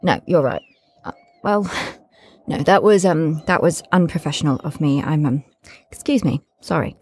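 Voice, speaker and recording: A woman's voice: low-pitched, animated, normal speed, a little mellow, slightly rough. A woman interviewing in a comedy sketch, exasperated and clipped, keeping up a strained politeness.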